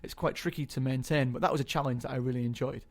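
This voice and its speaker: A man's voice: medium pitch, fairly even intonation, fast. Chatty young man with many ums. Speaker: guest actor. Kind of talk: casual interview chat.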